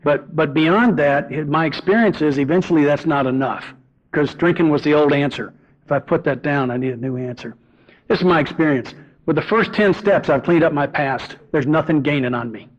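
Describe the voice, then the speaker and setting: A man's voice: a little high, a little fast. Earnest middle-aged man sharing his story. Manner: earnest, confessional, banters with the audience. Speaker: speaker at a recovery meeting. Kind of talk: personal testimony talk to a live audience. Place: meeting room before an audience. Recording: dull lo-fi tape recording.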